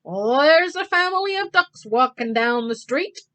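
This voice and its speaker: A woman voicing an excitable male traffic policeman calling headquarters in an urgent, raised storybook voice. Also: high voice, measured pace, voice pushed up. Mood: excited.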